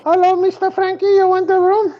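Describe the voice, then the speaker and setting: A man voicing a flirty female hotel housekeeper in a squeaky falsetto, coy and teasing in broken English. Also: flat delivery, a little fast, highs cut off. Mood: coy flirting.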